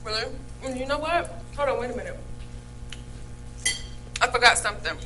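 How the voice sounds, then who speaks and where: A woman's voice: fairly high pitch, animated, normal speed, background noise. A woman hosting a casual cooking chat, teasing and encouraging her guest. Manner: teasing, encouraging, lots of mm-hmms. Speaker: cooking show host.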